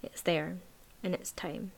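A woman reading a novel aloud in a measured, even voice, then chatting casually about the book. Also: on the low side, vocal fry. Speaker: book reviewer.

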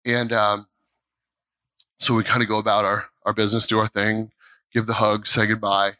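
A man's voice: on the low side, little pitch movement, moderate pace, bright, forceful tone, rough recording. A middle-aged American man preaching a sermon in a church, telling a story animatedly, with stammered restarts, repeated phrases and quoted dialogue. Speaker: pastor. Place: church sanctuary.

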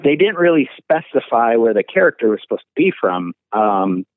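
A man with a Midwestern accent, an actor calling into a podcast, self-deprecating and laughing often between halting restarts. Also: mid-range voice, sing-song, no room sound, phone-quality sound. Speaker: actor guest. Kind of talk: podcast interview by phone.

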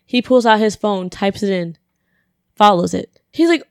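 A young adult woman hosting her podcast, telling a story casually and lively, acting out the people she quotes and laughing often. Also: mid-range voice, moderate pace, no room sound, clean studio sound. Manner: animated, acts out quoted voices, laughs often. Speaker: podcast host.

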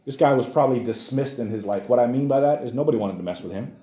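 A man's voice: medium pitch, fast, mellow, reverberant. A man teaching a Bible lesson to a youth class, emphatic and addressing his listeners directly.

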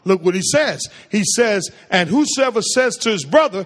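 A man's voice: high-pitched, animated, normal speed, hardly any pauses, big-room sound. A man preaching a sermon to a congregation, firing questions at them and drawing call-and-response replies. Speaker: pastor.

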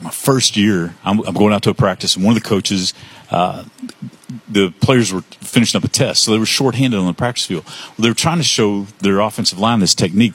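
Older man, low and husky, easygoing yarn-spinner for a live show. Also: fairly bright tone. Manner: chatty storyteller, repeats words when starting. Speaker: part-time sports photographer, guest. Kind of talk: casual interview chat.

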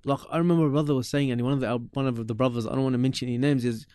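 A man talks through old memories in relaxed, animated chat. He often circles back and repeats words as he goes. His voice sits at an ordinary middle pitch, and the sound is close and dry with no room echo. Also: racing, clean tone. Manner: animated, repeats words, mixes in Arabic religious terms. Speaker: podcast guest recalling his teachers. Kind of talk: casual storytelling chat.

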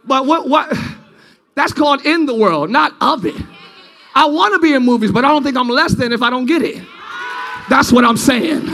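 A male pastor delivers a sermon in a church, his voice sitting unusually high for a man. He swings between ringing, stretched-out shouts and low, almost confiding talk. The delivery is loose and conversational, full of call-and-response. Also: expressive, a little fast. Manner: preaching, swings from shouting to quiet intimate talk.

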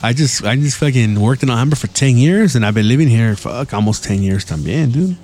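Fast-talking slangy man. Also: mid-range voice, animated, darkish tone, slight background noise. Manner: fast, slangy, profane, mixes Spanish into English. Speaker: podcast host. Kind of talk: casual chat.

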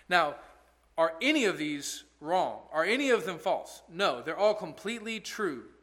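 A man's voice: on the high side, big pitch swings, unhurried, a bit bright. A male pastor giving an expository sermon in an earnest, conversational way, asking rhetorical questions.

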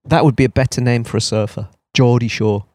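A man's voice: mid-range voice, steady tone, brisk, a little mellow, no echo, clean studio sound. Jokey man co-hosting a podcast. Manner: jokey, teasing. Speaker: podcast co-host. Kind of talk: casual chat. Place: outdoors in a garden.

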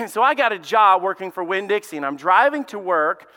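A man's voice: high voice, very animated, moderate pace, bright, forceful tone, big-room sound. A male pastor from Alabama with a Southern accent, preaching a conversational sermon and telling stories with lots of fillers and restarts. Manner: casual storytelling with many fillers and restarts. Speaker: lead pastor.

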